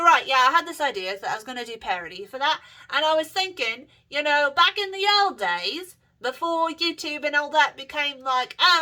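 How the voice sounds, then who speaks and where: A woman's voice: high voice, bright, forceful tone. A young woman vlogging in a casual, rambling monologue, swearing freely and trailing off with fillers and self-corrections.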